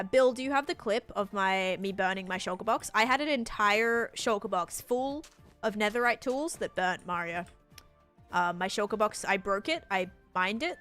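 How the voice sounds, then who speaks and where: A woman's voice: medium pitch, fairly bright tone. Chatty young woman streaming a game. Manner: rambling and chatty, many "like" fillers; patiently over-explaining to chat. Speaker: live streamer. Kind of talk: casual live gameplay chat, answering viewers.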